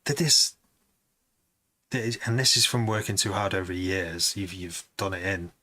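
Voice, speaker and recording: A man's voice: low voice, unhurried, bright, forceful tone, no room sound. A man producing music on a live stream, chatting to viewers in a rambling, casual way.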